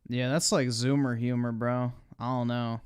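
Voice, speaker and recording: A man's voice: medium pitch, level tone, moderate pace, clean tone. A young man giving blunt, profane live-stream commentary while he watches videos.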